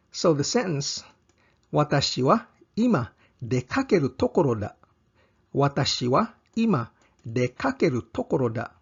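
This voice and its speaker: A man's voice: medium pitch, a little mellow, husky, muffled recording. A man teaching a slide-based language lesson, explaining patterns step by step and repeating example sentences.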